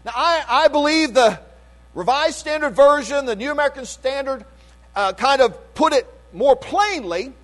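A man's voice: extremely high pitch, expressive, normal speed, a bit bright. An older man preaching a sermon, earnest and emphatic, stopping to restart phrases and asking the congregation to agree with him. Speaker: pastor.

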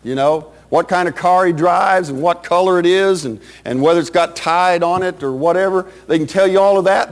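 A man preaching a Baptist sermon with a fervent, rising and falling cadence. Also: high-pitched.

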